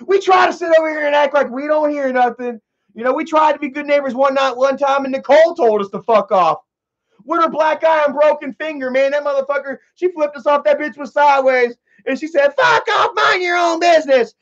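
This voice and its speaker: Exasperated neighbor, loud and high, a man doing the bit, lo-fi audio. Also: a little fast. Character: fed-up ranting male neighbor. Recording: dull lo-fi audio.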